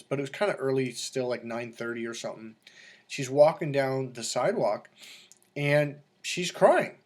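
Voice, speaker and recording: A middle-aged man coaching in a casual monologue, telling stories and acting out quoted voices with animation. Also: mid-range voice. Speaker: dating coach.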